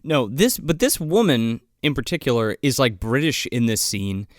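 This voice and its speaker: A man's voice: mid-range voice, big pitch swings, moderate pace, dry recording, clean studio sound. A man co-hosting a casual movie review podcast, rambling and swearing often. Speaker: podcast co-host.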